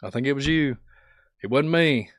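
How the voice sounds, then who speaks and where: A man with a sore, hoarse throat hosting a casual livestream, laughing often as he greets viewers in the chat by name. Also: medium pitch, moderate pace, no echo, studio quality. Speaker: livestream host.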